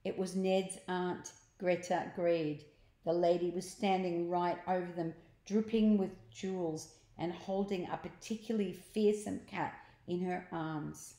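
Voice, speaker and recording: A woman reading a children's book aloud, pausing to explain words and pictures to young listeners. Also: fairly low pitch, steady tone, dark tone. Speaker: storyteller. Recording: echoey room.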